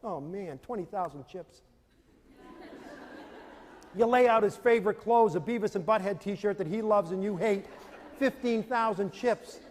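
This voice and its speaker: A man's voice: high-pitched, unhurried, pauses often, a faint crowd, slight background noise. A man giving a motivational lecture to parents and teachers, telling stories animatedly and acting out scenes. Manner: animated storytelling, acts out scenes with audience volunteers. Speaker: speaker on self-esteem for parents and teachers. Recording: long reverb of a large hall.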